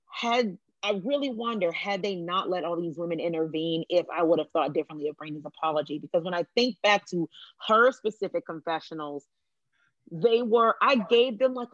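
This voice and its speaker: A woman hosting a casual podcast chat, talking in an animated, emphatic way with lots of asides. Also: lowish voice, moderate pace, no echo. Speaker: podcast host. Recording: dull, lo-fi remote podcast audio.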